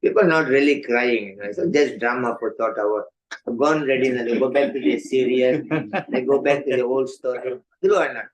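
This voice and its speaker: Older guy monk telling stories at evening class, animated, acts out the voices, keeps saying you know. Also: medium pitch, normal speed, a little hiss or hum, rough recording. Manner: animated storyteller, acts out voices, laughs often, many "you know" fillers. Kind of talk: storytelling sermon.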